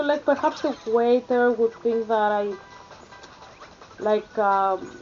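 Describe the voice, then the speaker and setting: A woman's voice: fairly high pitch, slow, pauses often, darkish tone, lo-fi sound, faint music behind. A young woman with an Athenian Greek accent, chatting casually in a vlog with many fillers and restarts. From Greece. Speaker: vlogger. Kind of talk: rambling casual vlog chat.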